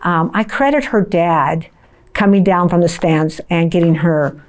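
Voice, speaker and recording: A woman volleyball coach telling a story in a documentary interview, reflective and measured. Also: on the low side.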